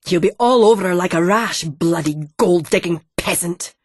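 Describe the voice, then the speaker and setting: A woman voicing a short-tempered middle-aged landowner father who rants loudly and indignantly in an audiobook. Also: lowish voice, normal speed, husky. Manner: loud, indignant ranting with heavy swearing.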